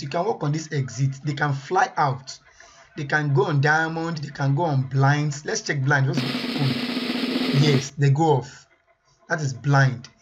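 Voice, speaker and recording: A man presenting a software tutorial, thinking aloud as he weighs each option and often repeats himself. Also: a little high, breathy edge, lo-fi sound. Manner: muses aloud over choices, repeats himself.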